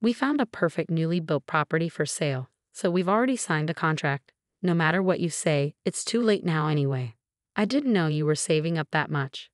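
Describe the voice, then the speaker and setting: A bossy, scornful middle-aged husband in a spoken story, read by a woman. His lines come out accusing and arrogant, low in pitch. The recording is close and dry. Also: lively intonation, brisk, no echo.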